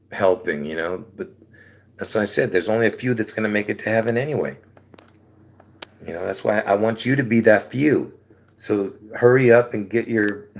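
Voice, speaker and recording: A man's voice: lowish voice, gravelly. A man preaching casually to his channel on a livestream, rambling, chuckling between phrases and asking "all right?" again and again, with a sore throat.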